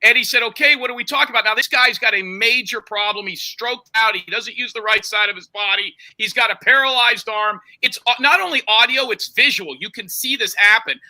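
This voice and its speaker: A man with a very high, sharply bright voice, pressing on through a heated argument. He retells a story insistently and keeps demanding to finish over the interruptions. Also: brisk, few pauses, low-quality recording. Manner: insistent, talks over others, retells calls with quoted voices. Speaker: show host under confrontation.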